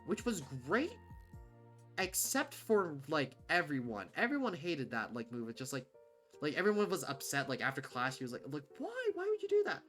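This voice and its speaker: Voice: medium pitch, sing-song, moderate pace, fairly bright tone, soft background music. A livestreamer chatting casually and bluntly, rambling with many fillers and restarts. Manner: rambling, full of "like" and "um", frequent restarts; candid, blunt, swears casually.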